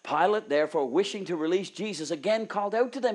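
A man preaching a sermon, moving between hushed, near-whispered pleas and loud, fervent urging. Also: sits high, quick pace.

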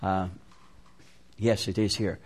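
A man's voice: on the low side, level tone, slow pace. A man preaching an interactive sermon, making emphatic, repeated appeals to his listeners.

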